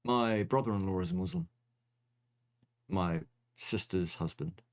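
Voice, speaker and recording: A man with a fairly low voice hosting a loose question-and-answer session. He teases his co-host and answers in a dry, joking way. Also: expressive, a little slow. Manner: dry, teasing, jokey. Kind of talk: casual livestream chat.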